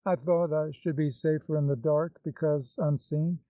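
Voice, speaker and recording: Give me a bold, mischievous young woman with glib assurance, as a man reads her, slightly high, mellow voice. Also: fairly even intonation, moderate pace, dry recording, natural voice. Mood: playful mocking. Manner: glib, mocking. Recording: slightly dull, dry recording.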